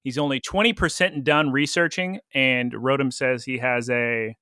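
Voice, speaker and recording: A man co-hosts a podcast in casual chat, playful and teasing. His medium-pitched voice is bright, forceful, and clean, with a steady tone and moderate pace, captured in clean studio sound with no room noise.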